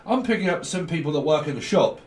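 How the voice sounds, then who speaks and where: Speaking fast with a fairly high, animated and slightly mellow voice, a man gives a laid-back tarot reading, rambling from one association to another and chuckling often. He sits far from the mic, so the sound is roomy with a faint hiss behind it.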